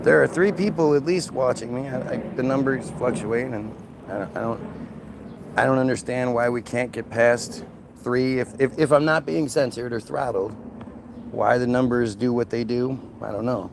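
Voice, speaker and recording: A man's voice: mid-range voice, fairly even intonation, moderate pace, gravelly, slight background noise. A man hosting a solo livestream, talking in a combative, sarcastic way to a rival and his viewers. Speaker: livestream host.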